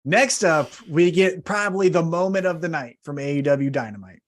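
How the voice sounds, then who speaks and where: A man co-hosting a wrestling podcast, recapping matches in casual chat with animated storytelling and quick self-corrections. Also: fairly high pitch. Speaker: podcast co-host.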